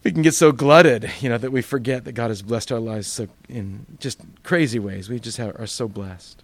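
A man's voice: mid-range voice, moderate pace, no room sound. A male pastor teaching a Bible study in a conversational sermon style, full of rhetorical questions.

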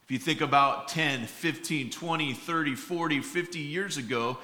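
A man with a bright, slightly high voice delivers a sermon. He tells jokes as stories, acting out each character's lines, and often pauses on fillers and restarts. The room gives his voice a noticeable echo. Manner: storytelling with acted-out quotes, many fillers and restarts. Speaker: pastor.

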